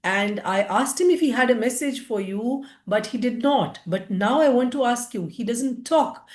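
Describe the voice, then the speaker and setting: A woman's voice: a little high, normal speed, pitched above the performer's own voice, natural voice. Earnest pleading hunter man as a woman storyteller puts him on, roomy echo. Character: male hunter, pleading and puzzled.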